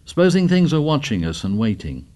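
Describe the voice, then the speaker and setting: A man's voice: mid-range voice, very animated, a little fast, dark tone, pitched above the performer's own voice, lightly acted. Man reading as a cautious worried boy leader. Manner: cautious, hesitant.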